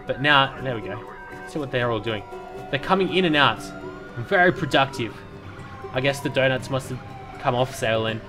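A man gives casual, rambling commentary while playing a city-building game, full of fillers and restarts, as a let's play commentator. He has a medium pitch and lively intonation, speaking at normal speed with long pauses. Music plays in the background.

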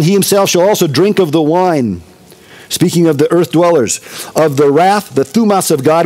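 A man's voice: on the high side, darkish tone. Man preaching with emphatic repetition. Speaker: pastor. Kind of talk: expository sermon.

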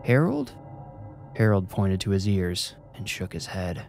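Brief: low, measured male horror storyteller with music underneath. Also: level tone, darkish tone. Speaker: narrator. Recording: music playing behind.

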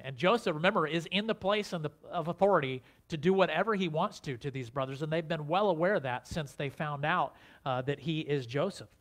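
A man with a fairly high voice delivers a Bible sermon as a pastor. He keeps it conversational, checking in with listeners through rhetorical questions and often restarting his phrases as he goes. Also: fairly quick, fairly bright tone.

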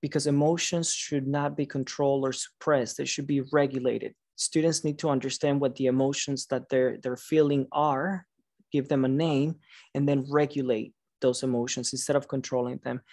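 Late at night on a video call, a teacher educator presents at a conference in a medium-pitched, slightly mellow voice with level intonation and moderate pace. The studio-quality recording is dry. Though tired, he cheers the audience on, praises their answers as he reads them aloud, and now and then trips over words and starts again.

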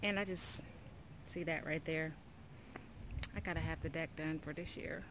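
A woman's voice: sits low, steady tone, moderate pace, noisy background. A woman chatting casually to her viewers while walking her dog outdoors, slipping into baby talk. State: sweaty, a bit out of breath. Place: outdoors on a neighborhood walk.

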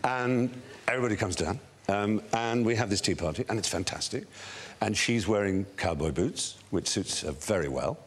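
A man's voice: on the low side, normal speed, a little hiss or hum. A man, a talk show guest telling anecdotes and acting out other people's lines. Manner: lively storyteller, acts out other people's lines. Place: TV studio with audience.

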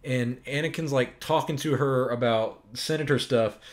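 A young man hosting a casual podcast, answering viewer questions in an animated, rambling way, laughing and swearing. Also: medium pitch, moderate pace. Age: young adult. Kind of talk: casual chat.

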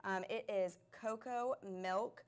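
A woman's voice: medium pitch, fairly even intonation, slow pace, clear, resonant tone. A woman hosting a live product stream, chatting casually and gushing over the items with plenty of "um" and "like.".

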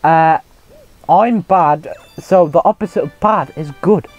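A man's voice: a little high, takes it slowly, no echo, faint music behind, rough recording. Self-mocking young man streaming a game. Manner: self-mocking, chatty, reacts loudly and laughs often. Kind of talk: casual live gameplay commentary.

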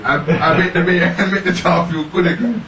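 A man's voice: high voice, moderate pace, a bit bright. A man in casual discussion who keeps laughing as he talks. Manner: laughs often while talking. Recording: roomy, distant mic, faint noise.

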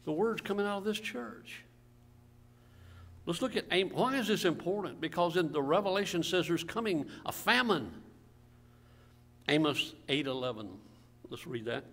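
A man's voice: high voice, expressive, moderate pace, a bit bright. A man pastor preaching a sermon, firing rhetorical questions at the congregation and calling for amens, with a cough now and then. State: coughing at times. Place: church sanctuary. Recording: church hall reverb.

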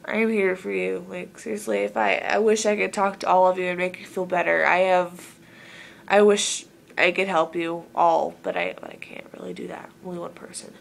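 A woman's voice: fairly low pitch, little pitch movement, moderate pace, creaky, a little hiss or hum. A woman from Southern Oregon talking casually to camera in an earnest, rambling way, full of filler words. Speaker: vlogger.

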